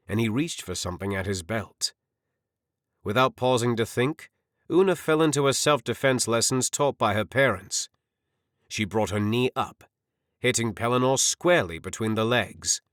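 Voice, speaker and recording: A man narrating a fantasy audiobook with expressive storytelling. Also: medium pitch, no room sound, studio quality.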